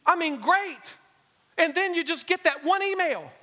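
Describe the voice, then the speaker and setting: A man's voice: extremely high pitch, animated, unhurried, bright, forceful tone, big-room sound. A man preaching a sermon as guest pastor, telling the story with humor and acting out the scenes. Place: church sanctuary. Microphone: handheld or stage microphone.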